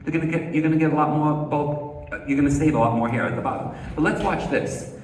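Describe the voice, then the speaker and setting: A man's voice: on the high side, fast. A man leads a hair-cutting lesson, quizzing his listeners and drilling key words over and over. His voice carries from a distance, bouncing around a big, echoey hall with a long reverb tail. A faint hum of the room sits underneath. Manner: coaching, asks rhetorical questions, repeats key words. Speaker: hair educator. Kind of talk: live haircut demonstration. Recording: echoey hall, mic far off.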